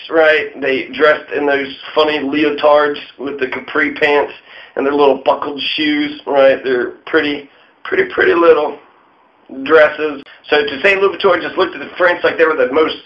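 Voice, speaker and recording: Irreverent man with lo-fi sound. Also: fairly high pitch. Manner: irreverent, swears often, mocking asides. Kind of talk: profane casual history monologue. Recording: dull lo-fi sound.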